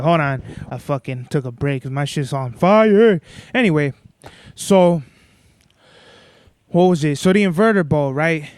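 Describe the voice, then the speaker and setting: This young podcast host tells rambling stories alone, laid-back and heavy on profanity. His voice is a little high, slightly mellow and smooth, recorded at studio quality with no room sound.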